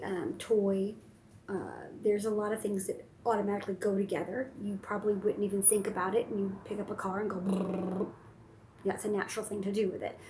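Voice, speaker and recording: A woman talks casually to camera as a speech therapist, offering practical tips to parents in a relaxed, chatty way. Her pitch sits in a mid range, and there is a faint hum of noise behind her. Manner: relaxed, chatty, many fillers, demonstrates silly sounds. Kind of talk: casual instructional talk to camera.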